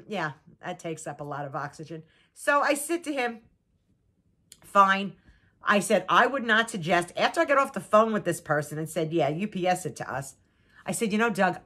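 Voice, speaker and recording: A woman in her sixties chats through a long story about her husband. Her voice rises and falls a lot and sounds bright. She comes across as exasperated, with laughing asides along the way. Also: on the low side. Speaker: vlogger. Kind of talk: casual storytelling to camera.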